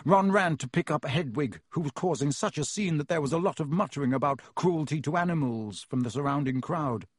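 A male narrator with a slightly husky, fairly high voice reads a storybook in a measured, vivid way. The sound is dry and close, with no room around it. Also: no room sound. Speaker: audiobook narrator.

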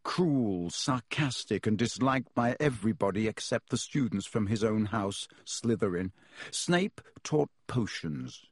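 Male narrator, storybook reading, measured delivery, husky voice, dry close sound. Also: fairly low pitch, expressive, dry recording. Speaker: audiobook narrator.

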